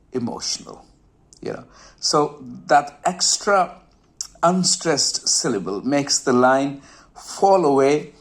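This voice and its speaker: A man hosting his own channel, explaining a point of poetry in a reflective, hesitant way, with many fillers and restarts, and sometimes dropping to a soft, breathy tone. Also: medium pitch. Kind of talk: informal explanatory talk to camera.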